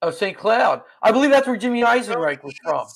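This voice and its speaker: A man's voice: high voice, big pitch swings, a little fast, gravelly. A man co-hosting a casual livestream chat, from New Jersey, with laid-back, wry asides. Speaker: co-host.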